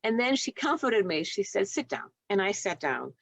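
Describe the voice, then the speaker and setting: A woman in her seventies, a retired nurse telling heartfelt stories in an interview, earnest and gentle. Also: medium pitch, sing-song, moderate pace, vocal fry, no echo. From United States. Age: 70s. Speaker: guest, retired nurse and author. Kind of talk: reflective storytelling interview.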